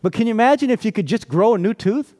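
A man's voice: high voice, animated, fast, a little mellow. A man preaching a sermon in a conversational, storytelling way, often asking rhetorical questions and laughing.

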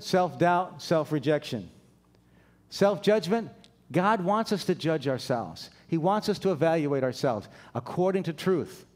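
A man's voice: a little high, darkish tone. A man preaching a conversational sermon, acting out the quoted dialogue as he goes. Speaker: pastor.

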